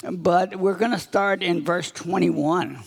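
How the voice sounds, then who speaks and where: Animated high-voiced man telling children a sermon. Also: takes it slowly, creaky. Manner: animated storytelling with acted-out voices. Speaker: children's minister. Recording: reverberant hall.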